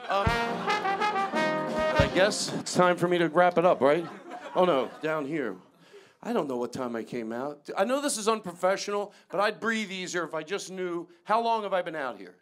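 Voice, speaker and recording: A man performing a live stand-up comedy set, loud and animated, chatting with the audience and the band. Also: high voice, normal speed. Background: band music and audience laughter.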